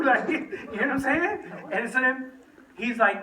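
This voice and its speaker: A young man tells a slangy, animated story to a youth group, recorded in an echoey room from a distance. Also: extremely high pitch, unhurried, crowd noise. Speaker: youth speaker. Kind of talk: storytelling talk to teens. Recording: echoey room, from the mic, faint noise.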